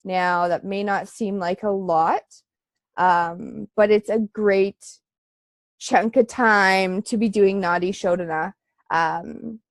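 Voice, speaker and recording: A woman teaching a live online breathing class, giving relaxed, chatty instructions with frequent fillers and a slightly congested voice. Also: medium pitch, dry recording.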